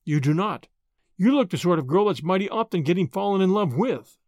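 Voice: mid-range voice, animated, fairly quick, a little mellow, no room sound, clean studio sound, lightly acted. A reader voicing a brash, confident young man with an American accent, blunt and persistent. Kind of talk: audiobook character voice.

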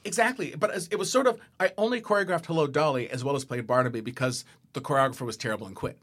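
A man's voice: mid-range voice, quick pace, a bit bright. A middle-aged man from Southern California, a stage director and choreographer, telling stories in an interview and rambling with frequent restarts and laughs. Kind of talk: casual interview storytelling.

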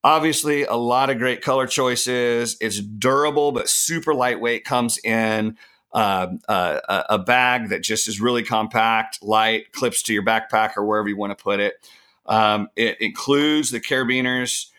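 A middle-aged man co-hosts a podcast in a relaxed, chatty way. His voice is low-pitched but bright and forward, and he stresses words with eager, emphatic enthusiasm. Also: unhurried, clear, resonant tone. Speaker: podcast co-host. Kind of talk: casual gift-guide chat.

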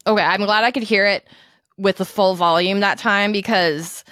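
A woman's voice: medium pitch, steady tone, moderate pace, a bit bright, no echo, studio quality. A woman comedian hosting a podcast, chatting casually in a rambling, self-deprecating way.

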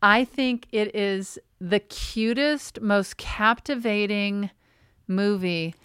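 A woman's voice: mid-range voice, slow, a bit bright, clear, resonant tone, no room sound, studio quality. A woman co-hosting a podcast in casual chat, an emphatic, enthusiastic storyteller. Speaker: podcast co-host.

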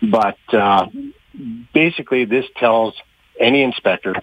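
A man who works with trucking companies, answering radio interview questions in a halting way with many fillers and restarts, a little out of breath. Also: mid-range voice, no echo. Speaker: trucking industry guest. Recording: muffled phone-like line, dry.

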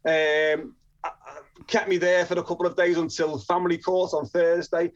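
Lively storytelling man, muffled audio. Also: fairly high pitch, moderate pace. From northern England. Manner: lively storyteller, acting out quotes. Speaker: guest. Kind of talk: storytelling interview.

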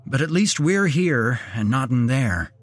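Brief: steady take-charge leader in a horror audio story, reassuring, husky, lively pitch, read by a man. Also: measured pace. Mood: determined.

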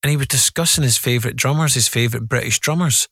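Man, guest musician, rambling casual storytelling, mid-pitched voice, dry close sound. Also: fast talker, fairly bright tone, breathy edge, no room sound. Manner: rambling storytelling with many fillers. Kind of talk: casual interview anecdotes.

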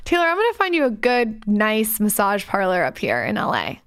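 A woman's voice: mid-range voice, huge pitch swings, normal speed, a bit bright, clear, resonant tone, no echo. Female co-host, brash teasing chat, dry sound. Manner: bold, teasing, crude humor. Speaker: podcast co-host. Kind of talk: casual chat.

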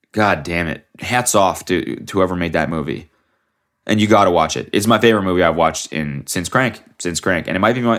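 A man's voice: fairly low pitch, fairly bright tone. A young man hosting a solo podcast, rambling casually with lots of swearing and restarts while sick. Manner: rambling, profane, trailing off and restarting. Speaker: podcast host.

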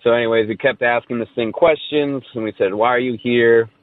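A man's voice: mid-range voice, steady tone, brisk. Man on a tinny phone line. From Southern California. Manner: rambling storyteller, many fillers. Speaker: caller sharing a ghost story. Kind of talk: casual recorded voice message.

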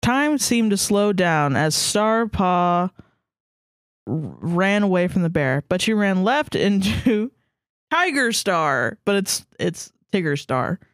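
Slow-reading woman with a dry close mic. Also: mid-range voice, very animated, dry recording. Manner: dramatic read-aloud, giggling, slow and deliberate. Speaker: podcast co-host. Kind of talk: reading fan fiction aloud, comic chat.

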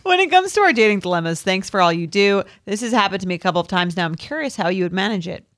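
A woman's voice: mid-range voice, expressive, fast talker, fairly bright tone, no echo. Chatty woman podcast host, dry close sound. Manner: chatty, laughs easily. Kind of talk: casual chat and reading listener emails.

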